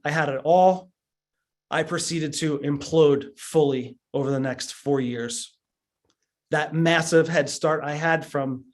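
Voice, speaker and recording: A man in his thirties giving an earnest motivational talk as a business trainer, telling his story with frequent stammered restarts. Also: on the high side.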